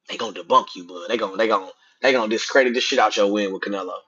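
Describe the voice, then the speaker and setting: A man, profanely ranting about boxing to his livestream chat, swinging between loud outbursts and muttered asides. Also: fairly low pitch, very fast, hardly any pauses, husky. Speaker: boxing commentator streaming to chat. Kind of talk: casual livestream rant. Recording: dull lo-fi stream audio.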